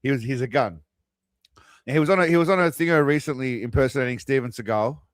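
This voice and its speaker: Male stream host, mid-pitched, rambling chat on a dry close mic. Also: fast talker, no room sound. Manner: rambling, chatty, with restarts and laughs. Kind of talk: casual stream commentary.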